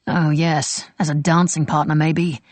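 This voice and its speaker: Woman reading as a clipped, bitter British gentleman. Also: lowish voice, a little slow, breathy edge, no echo. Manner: clipped, testy, wry.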